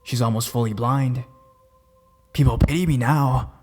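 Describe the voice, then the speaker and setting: A man's voice: fairly high pitch, expressive, normal speed, a little hiss or hum, natural voice. A man putting on a giggly, babyish unhinged mother. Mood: breathless. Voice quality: babyish, put-on little-girl voice. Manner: giggly, gleeful. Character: unhinged mother woman, giddy and cruel. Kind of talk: horror story reading.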